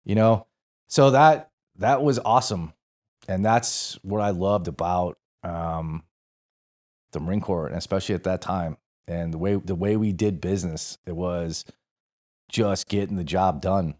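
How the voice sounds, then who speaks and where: A man from St. Louis tells a war story on a podcast in a deep, low-pitched voice. He sounds tired, but he keeps things animated, profane and full of laughs. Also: unhurried. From St. Louis, USA. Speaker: podcast guest, former Marine. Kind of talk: casual storytelling.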